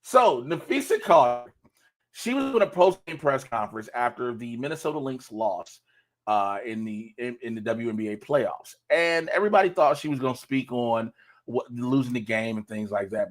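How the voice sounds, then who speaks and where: A man's voice: mid-range voice, rough recording. Loose, profane man hosting a podcast. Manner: loose, profane, offhand asides. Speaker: podcast co-host. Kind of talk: casual chat.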